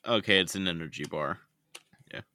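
Deep-voiced laid-back podcast guy. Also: moderate pace, pushed and bright, dry recording. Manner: laid-back, sweary, laughs a lot. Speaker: podcast co-host. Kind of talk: casual chat.

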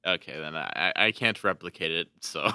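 A man co-hosting a casual podcast chat, playful and quick to laugh, sometimes stumbling over his words. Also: low-pitched, bright, forceful tone, clean tone. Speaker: podcast co-host.

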